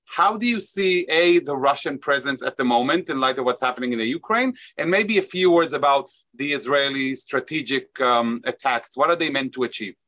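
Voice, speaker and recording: A man hosts the interview, asking measured and articulate questions. His voice is bright and forward, at an ordinary male pitch. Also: expressive.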